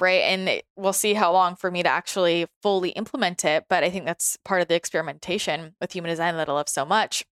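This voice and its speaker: A woman's voice: fairly low pitch, normal speed, fairly bright tone, dry recording, clean studio sound. A young woman talking casually and reflectively on her own, chatty and laughing often, with many restarts and fillers.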